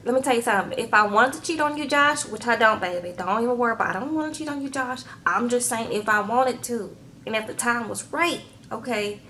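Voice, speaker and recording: A woman's voice: fairly high pitch, quick pace, sharp tone, a little hiss or hum. A woman mimicking a sassy rambling girlfriend. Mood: defensive. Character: sassy woman rambling defensively to her boyfriend.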